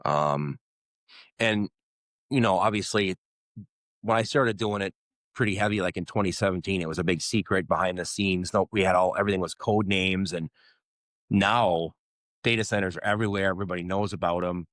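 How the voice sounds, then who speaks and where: A middle-aged man talks in a loose, rambling podcast chat and pokes fun at himself. His voice sits fairly low. The sound is dry and close, with no room in it. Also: a little fast, a bit bright, no room sound. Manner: rambling, self-deprecating humor. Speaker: podcast co-host. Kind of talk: casual chat.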